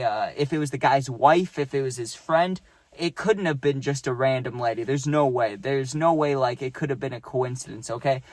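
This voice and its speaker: A man's voice: fairly high pitch, no echo. A young man casually telling a workplace story, rambling and profane and checking in with "right?".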